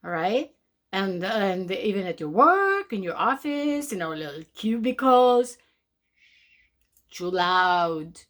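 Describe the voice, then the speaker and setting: A woman hosting a spiritual talk show, speaking in an animated way to her viewers and often calling them darling. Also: mid-range voice, slow pace. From from outside North America. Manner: animated, mocking voices of naysayers, calls listener darling. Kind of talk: motivational talk to camera.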